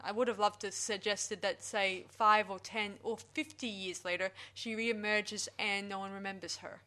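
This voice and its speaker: A woman's voice: medium pitch, fairly even intonation, moderate pace, sharp tone. A woman hosting a casual film review podcast, retelling the plot at length with fillers and self-corrections. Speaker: podcast host.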